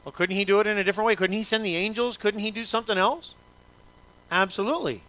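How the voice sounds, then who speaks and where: A man's voice: high voice, fast, pushed and bright. Emphatic male pastor preaching. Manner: emphatic, repetitive, asks the congregation many rhetorical questions. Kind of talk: sermon.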